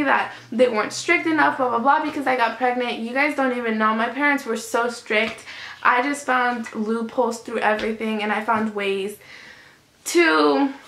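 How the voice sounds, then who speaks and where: A woman's voice: fairly high pitch, a bit bright, slight background noise. A teenage girl telling a personal story on her vlog, chatty, with many "like"s. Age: teens. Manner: chatty, lots of "like", emotional retelling. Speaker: vlogger. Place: home room in natural evening light. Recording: echoey room.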